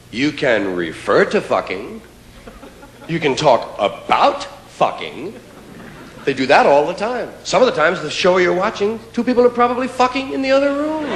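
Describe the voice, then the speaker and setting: Man, stand-up comedy routine, fairly high voice, crowd laughing, noisy live recording. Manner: animated, mock-incredulous, playful emphasis. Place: live stage before an audience. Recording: roomy live venue with audience laughter. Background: audience laughter and crowd noise.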